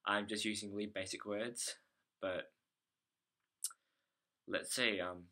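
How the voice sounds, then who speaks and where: A man speaking casually in a video diary, relaxed and rambling, with fillers and restarts. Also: lowish voice, takes it slowly. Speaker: vlogger. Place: small apartment.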